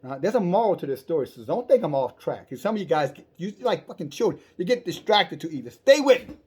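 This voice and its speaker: A man's voice: a little high, lively intonation, fast, a little mellow, husky. A man preaching in a confrontational, profane, slangy rant, scolding his listeners. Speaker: online preacher.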